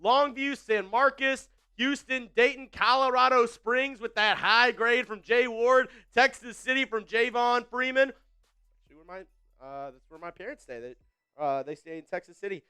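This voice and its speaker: Bright-voiced, chatty male stream host. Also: very high-pitched, normal speed, clean tone. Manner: upbeat and chatty, with frequent fillers and repeated phrases. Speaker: host of a live football watch party. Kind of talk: casual live-stream chat reading viewer comments.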